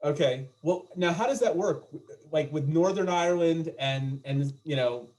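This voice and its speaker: A stand-up comedian does his set via video call, his slightly raised voice a little mellow and moving at a moderate pace. The delivery is casual and chatty, packed with self-deprecating riffs and asides to the crowd.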